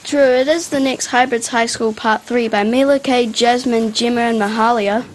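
A girl co-hosting a student radio show in lively casual banter. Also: fairly high pitch, normal speed, a little hiss or hum, low-quality recording.

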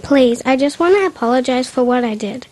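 A woman's voice: high voice, expressive, a little fast, a little mellow. A girl voicing a sassy, preppy teenage girl.

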